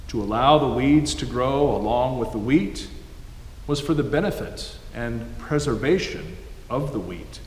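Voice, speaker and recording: A man delivering a sermon in a measured storytelling manner. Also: medium pitch, darkish tone. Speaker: preacher. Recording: echoey hall, faint background noise.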